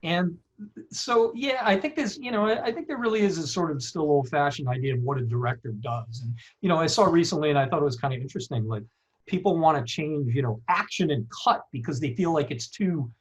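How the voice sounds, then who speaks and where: A man's voice: on the high side, brisk. A male film director talking in a casual interview, rambling with many fillers. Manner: rambling, many likes and you knows. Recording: dull lo-fi sound.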